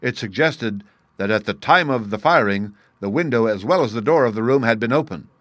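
Guy reading a sharp detective, measured and sure of himself, mid voice, dry close audio. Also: medium pitch, lively intonation, no room sound, natural voice. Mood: explaining. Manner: measured, assured, explanatory. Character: sharp, precise male detective, middle-aged.

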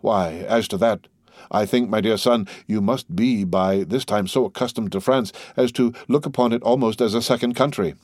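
A man's voice: on the low side, normal speed, a little mellow, no room sound, clean studio sound, natural voice. A man reading aloud who voices a grave, stiffly dignified older father figure.

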